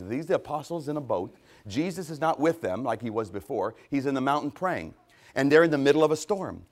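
A middle-aged man preaching a sermon, fervent and rising to loud, emphatic peaks. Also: medium pitch, lively intonation, fairly quick.

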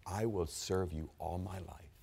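A male pastor preaching a sermon, moving from quiet storytelling to a loud, pleading altar call. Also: low-pitched, steady tone, unhurried, vocal fry, breathy edge.

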